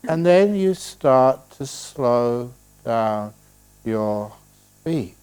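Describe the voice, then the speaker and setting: A man, a Buddhist monk, giving a relaxed dharma talk at a retreat, telling stories and answering questions with playful humor. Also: fairly high pitch, clear, resonant tone. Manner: storytelling, playful, slows voice to demonstrate calm. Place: retreat hall.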